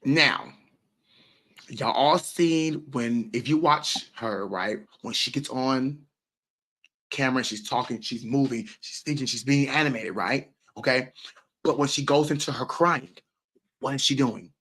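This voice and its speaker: A man's voice: mid-range voice, measured pace, a bit bright, slightly rough. Emphatic man hosting a casual livestream. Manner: emphatic and repetitive, swears freely. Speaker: livestream host.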